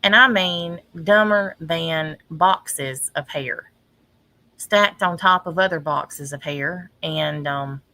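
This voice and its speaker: A woman ranting in casual livestream commentary, exasperated and pausing often with ums. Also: deep voice, sharp tone, poor audio. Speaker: online commentator.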